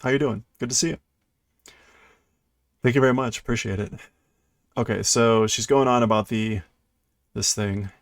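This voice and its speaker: A man's voice: medium pitch, steady tone, moderate pace, pauses often, no echo, studio quality. A man live-streaming a read-through of a manga, translating as he goes and thinking aloud, stumbling and correcting himself with light laughs at his own mistakes. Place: indoors at his computer.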